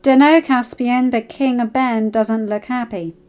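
A woman voicing a sharp, fierce teenage girl in a gang, in a story reading. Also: a little high, steady tone, a little slow, smooth, highs cut off, voice pushed up, lightly acted.

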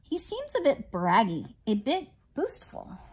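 A woman's voice: on the high side, huge pitch swings, a little slow, husky, heavily acted. A woman voicing an impatient, boastful and melodramatic male sugar glider in a storybook reading. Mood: wary.

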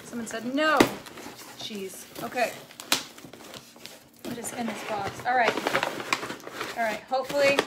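A woman's voice: a little high, measured pace, long pauses, heavy background noise. A young woman live-streaming in casual chat, rambling along and reading viewer comments aloud.

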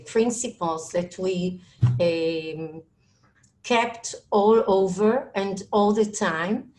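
A woman with an Israeli accent giving a webinar presentation over a video call, halting and full of fillers and restarts, excited. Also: medium pitch. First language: Hebrew. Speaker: school administrator speaking on a panel.

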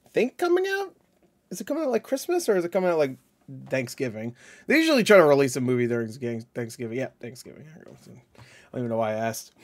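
A man's voice: mid-range voice, very animated, fast. A man hosting a casual movie reaction, rambling and hesitant, often correcting himself mid-sentence.

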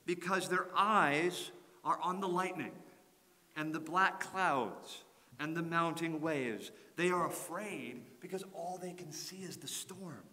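A man preaching a sermon as pastor, earnest and building to forceful emphasis. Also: on the high side, slow pace, in a large hall. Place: church sanctuary.

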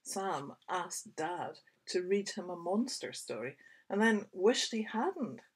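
Slow, husky storytelling woman. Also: lowish voice. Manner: expressive, whispery, gasping asides. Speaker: children's author reading her picture book. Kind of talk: storytelling for young children.

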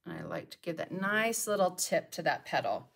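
A middle-aged woman with a slightly low voice leads a live painting tutorial from her studio. She chats casually and talks to herself while she works. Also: sing-song, normal speed, vocal fry, husky. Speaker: painting teacher. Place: home art studio.

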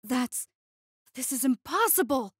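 A woman's voice: sits high, animated, unhurried, no echo, studio quality. A woman voicing a flustered, hot-tempered male alien cook who mutters to himself and cries out in panic, in a storybook narration. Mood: horrified.

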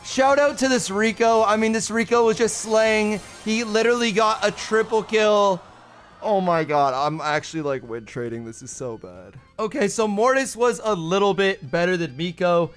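A young man commentating his own gameplay, excitable and often pleading or shouting at the action. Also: high-pitched, normal speed, clear, resonant tone, soft background music. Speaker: gaming YouTuber.

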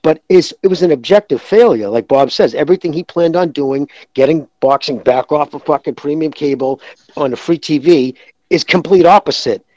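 A man's voice: fairly high pitch, normal speed, a little mellow, dry recording, muffled recording. A man calling in to a show, talking in a heated, profane, rambling way. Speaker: caller. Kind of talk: casual call-in chat.

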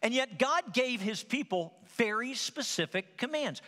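The voice is very high-pitched and a little slow, with a long reverb tail in a large church hall. It belongs to a pastor whose sermon is full of lively storytelling and acted-out quotes.

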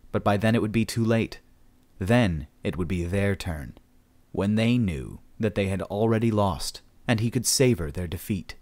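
Deep-voiced male audiobook narrator. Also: a little mellow. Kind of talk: scripted narration of a sci-fi story.

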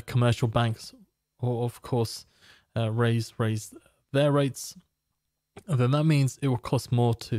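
A man presenting a financial market preview, walking through economic data in a steady, explanatory way. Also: mid-range voice, no echo, clean studio sound. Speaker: market analyst.

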